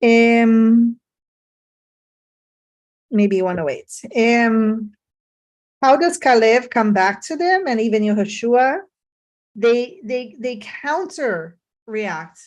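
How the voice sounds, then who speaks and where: A woman's voice: medium pitch, darkish tone. A woman teaching Torah and mindfulness in a reflective way, often checking in with her listeners.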